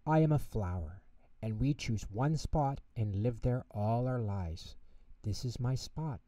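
Storybook role: gentle, softly speaking flower, voiced by a man; hushed, mellow, slightly distant. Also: lowish voice, lively intonation, measured pace, no room sound. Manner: soft-spoken, gentle. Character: gentle, doomed female flower.

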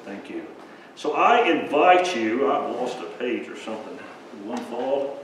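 A man, a pastor, giving a children's message during a church service, chuckling often and pausing with lots of fillers. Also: mid-range voice, very animated, very noisy. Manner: chuckling, halting, full of fillers. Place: church sanctuary. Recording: echoey church from a distant mic.

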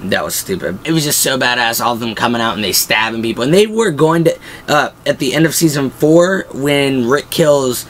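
A man giving a casual, excitable recap of TV episodes, acting out the quotes as he goes. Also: mid-range voice, moderate pace, hardly any pauses. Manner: excitable, acts out quotes from the show. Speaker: video host.

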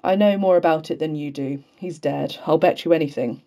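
A woman's voice: low-pitched, fairly quick, dark tone. A woman reading the lines of a blunt, matter-of-fact male army medical orderly in an audiobook. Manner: blunt, curt.

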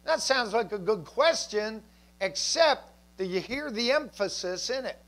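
A man with a notably high voice delivers a sermon as a pastor in church. His preaching is conversational and relaxed, full of asides and light jokes to the congregation. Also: unhurried.

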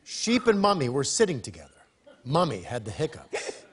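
A man reading out the stage directions for a comic sketch in a TV studio, steady and plain. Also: fairly high pitch, normal speed, a little hiss or hum. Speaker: announcer and show regular. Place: TV studio with audience. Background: studio audience and music.

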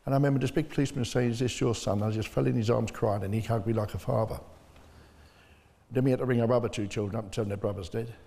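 Man, older, blunt testimony, dark mellow tone, husky. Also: medium pitch, fairly even intonation, very fast. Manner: plain, blunt storytelling. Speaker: bereaved father, interview guest. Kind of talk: personal testimony. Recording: long hall reverb.

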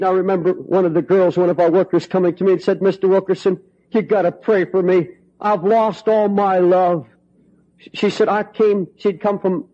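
A middle-aged male preacher telling a story from the pulpit, his voice sitting high for a man. He swings between hushed, tender passages and ringing, fervent cries. The recording is dull and lo-fi. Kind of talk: storytelling sermon.

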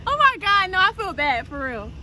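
A young woman chatting animatedly to her phone camera in a car, swinging between excitement and guilt. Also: very high voice, moderate pace, a little hiss or hum. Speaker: prank vlogger. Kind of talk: casual vlog chat.

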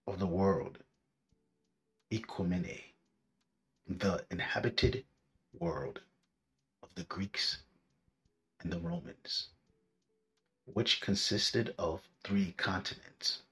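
A man with a low voice reads a history lecture at a very slow pace. He draws out each phrase with deliberate pauses, like a scripted narration. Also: a bit bright. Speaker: history presenter.

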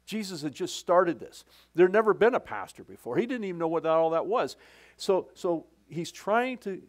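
A man's voice: high voice, very animated, moderate pace. A male pastor preaching a sermon in a church. He often stops and restarts, repeating words, and makes casual asides to the congregation. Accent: Canadian English. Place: church sanctuary.

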